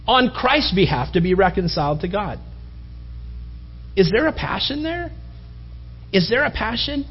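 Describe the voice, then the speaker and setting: A man preaching a sermon in an animated, mocking way, building to emphatic appeals. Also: high-pitched, measured pace, pauses often, breathy edge, muffled recording. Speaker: pastor.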